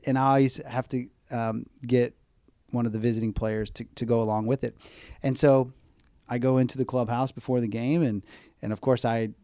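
Speaking in a clean, medium-pitched voice, this middle-aged baseball mascot performer recounts stories during an interview and animatedly imitates the people he quotes. The studio sound is clean, with no room sound.

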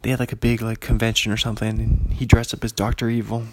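A man's voice: fairly low pitch, completely flat delivery, fast, darkish tone, no room sound. A young man rambling casually through a film list, chatty and digressive, reading listings aloud and laughing often. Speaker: commentator reviewing an actor's films.

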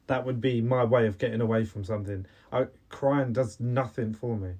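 A man's voice: medium pitch, fairly even intonation, moderate pace, a little mellow. A man, co-hosting a podcast in casual chat, talking earnestly with many restarts and a slight cough. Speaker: podcast co-host.

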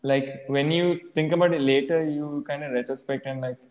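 A man's voice: on the high side, steady tone, normal speed, darkish tone. Laid-back young man in an echoey room. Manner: laid-back, rambling with many fillers. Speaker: podcast host. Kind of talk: casual chat. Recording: echoey room with long reverb.

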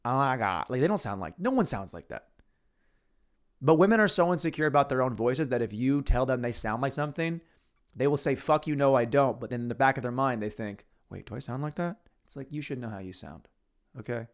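A man's voice: mid-range voice, lively intonation, brisk. A man hosting a podcast alone, rambling crudely in a casual monologue with mumbles and restarts, on a podcast mic. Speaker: podcast host. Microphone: podcast microphone.

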